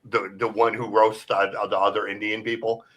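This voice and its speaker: A man chatting on a podcast, rambling and swearing as he gets excited about comedians. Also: lowish voice, moderate pace, poor audio. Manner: rambling, enthusiastic, swears and says bro. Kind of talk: casual podcast chat.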